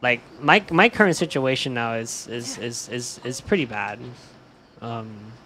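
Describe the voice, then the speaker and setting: A man's voice: medium pitch, unhurried, slight background noise. Downcast young man streamer, swearing, mumbling. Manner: swears a lot, says "dude", often trails off quiet. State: upset and stressed. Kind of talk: casual stream chat while gaming.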